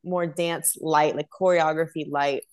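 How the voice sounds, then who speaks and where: A young adult woman, a professional dancer, telling stories in an animated, chatty way as an interview guest. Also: sits low, unhurried, clear, resonant tone. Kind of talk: casual interview chat.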